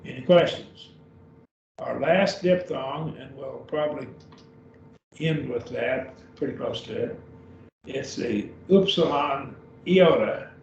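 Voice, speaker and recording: A man's voice: mid-range voice, gravelly. A man teaching a beginner Greek class over a video call, speaking patiently and repeating each word. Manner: slow, patient, repeats words. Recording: dull, roomy, distant with faint hiss.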